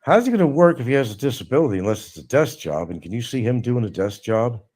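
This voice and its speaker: A man's voice: medium pitch, very animated, fast, darkish tone. A middle-aged man hosting a live stream, talking casually and mocking someone with sarcasm. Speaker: livestream host. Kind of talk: casual livestream monologue.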